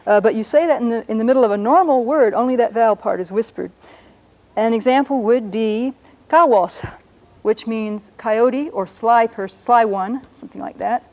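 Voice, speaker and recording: A woman teaching a language lesson on a broadcast show, patiently explaining and slowing down to sound out words. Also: on the high side, mellow.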